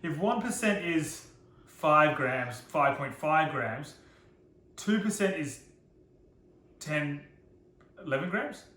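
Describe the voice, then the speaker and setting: A man's voice: a little high, lively intonation, takes it slowly, long pauses, sharp tone. Chatty man demoing in an echoey kitchen. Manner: chatty, self-deprecating, jokes about his own slips. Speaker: cooking demonstrator. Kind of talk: casual cooking demo.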